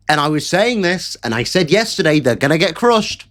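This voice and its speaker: A man's voice: a little high, big pitch swings, normal speed, hardly any pauses, fairly bright tone. A man delivering sarcastic, mocking political commentary in a ranting live stream. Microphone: camera setup at home.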